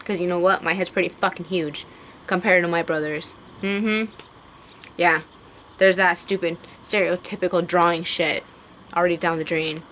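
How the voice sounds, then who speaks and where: A woman's voice: fairly low pitch, steady tone, normal speed, fairly bright tone, slight background noise. A young woman ranting to camera in a heated, profane way, rambling with lots of fillers. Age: young adult. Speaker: vlogger.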